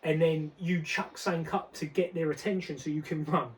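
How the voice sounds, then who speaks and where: A young man with a notably high voice, speaking forcefully in street slang on a podcast. His words come from a distance, as if the mic sits far from him. He repeats himself as he pushes his points. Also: fairly even intonation, fairly quick. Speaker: podcast co-host. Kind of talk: casual discussion.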